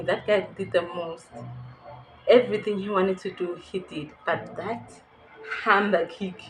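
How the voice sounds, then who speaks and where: A woman's voice: on the low side, low-quality recording. Candid South African woman telling a story. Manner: candid, laughs nervously while recounting. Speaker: YouTuber. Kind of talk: storytime vlog.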